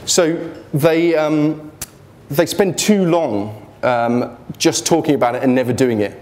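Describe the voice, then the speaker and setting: A man's voice: on the high side, takes it slowly, a little mellow. A man giving an informal motivational talk about his business failures, blunt and joking, speaking in a students' union hall.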